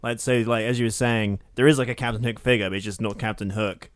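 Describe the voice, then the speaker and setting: A man's voice: lowish voice, steady tone, fast talker, no room sound. Sarcastic man co-hosting a film podcast. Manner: dry, sarcastic, jokey. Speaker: podcast co-host. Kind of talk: casual film review chat.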